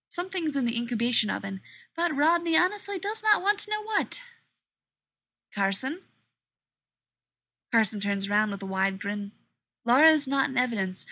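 A woman reading a story aloud in a steady, even narration. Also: medium pitch, husky. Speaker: audiobook reader. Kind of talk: scripted narration.

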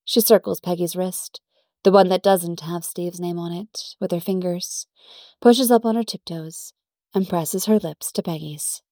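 A woman narrating a story in a measured, even way. Her voice sits low with a gravelly fry, and the recording is dry and close. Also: no room sound. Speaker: story reader. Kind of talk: scripted narration.

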